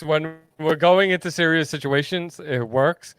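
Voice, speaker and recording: A man's voice: fairly high pitch, steady tone, a little slow, a bit bright, clear, resonant tone. A man co-hosting a podcast, telling stories in casual chat and laughing often. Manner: laughing, storytelling. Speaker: podcast co-host.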